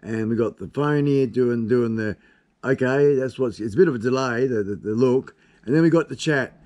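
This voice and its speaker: A man in his fifties with an Australian accent hosts a casual live stream from his desk at home, rambling along chattily and swearing casually. His mid-range voice is a little mellow, at a moderate pace. He's picked up by a camera on the desk.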